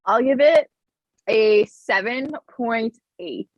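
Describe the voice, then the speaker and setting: A woman's voice: fairly high pitch, slow, no echo, muffled recording. A young woman co-hosting a podcast, chatting casually and giggling as she tells stories. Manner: laid-back, giggly storytelling. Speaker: podcast co-host. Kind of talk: casual chat.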